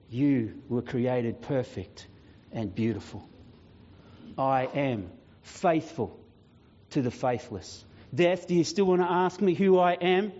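A man voicing a solemn divine saviour answering Death. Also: a little high. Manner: slow, solemn proclaiming with long pauses, growing quieter and weightier. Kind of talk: dramatic sermon monologue. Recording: dull lo-fi sound.

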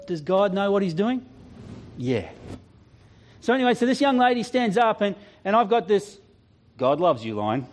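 A man preaching a sermon, telling stories with animated, self-deprecating humor and acting out voices. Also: sits high, normal speed, pauses often. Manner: animated, acts out quoted voices. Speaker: pastor. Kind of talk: sermon storytelling.

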